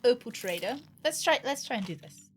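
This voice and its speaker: A woman's voice: on the high side, expressive, fairly quick, a bit bright, slight background noise. Chatty Scottish woman streaming a game. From Scotland. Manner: chatty, joking, swears. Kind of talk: casual gameplay commentary.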